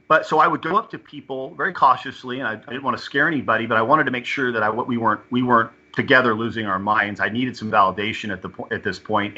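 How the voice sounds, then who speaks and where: A man telling a personal experience as an interview guest, halting and often repeating or restarting his words. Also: medium pitch, bright, forceful tone, highs cut off.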